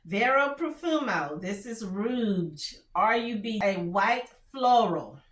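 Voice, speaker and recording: A woman's voice: medium pitch, animated, slow pace, a bit bright, reverberant. A woman with a country Texas drawl chatting candidly as she reviews fragrances, often restarting her sentences. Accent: Texan. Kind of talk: casual product review chat.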